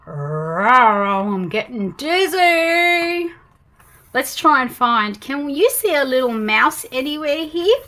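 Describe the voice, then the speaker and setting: An Australian woman reads a picture book to toddlers in a high, bright, very animated voice. She speaks very slowly and swings her pitch widely, gasping in surprise as she goes. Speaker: storytime host reading picture books. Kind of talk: reading a picture book aloud to young children.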